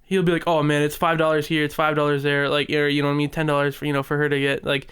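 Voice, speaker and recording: A man's voice: on the high side, completely flat delivery, fast, fairly bright tone, smooth. A young man co-hosting a podcast, telling long rambling stories full of fillers and acted-out quotes. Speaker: podcast co-host. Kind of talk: casual chat.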